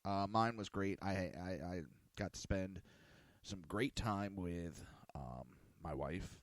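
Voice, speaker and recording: A man hosts a casual ranting talk-show podcast, rambling and swearing in an exasperated tone. He speaks slowly in a low voice. The recording is studio quality with no room sound.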